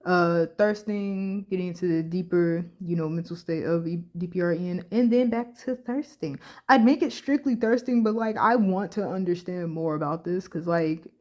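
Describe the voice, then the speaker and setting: A woman's voice: lowish voice, moderate pace, hardly any pauses, a little mellow. Woman, vlogger, casual reaction talk, breathless, rambling, emotional, phone recording. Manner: rambling, emotional, lots of fillers. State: short of breath.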